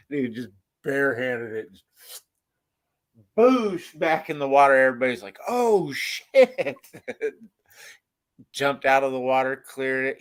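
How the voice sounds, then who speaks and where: A man in relaxed, profane conversation who tells stories with gusto. He leaps up loudly to act out what people said and laughs through his own tales. His voice sits at an everyday middle pitch. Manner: animated, acts out quotes loudly, laughs often. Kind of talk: casual storytelling chat.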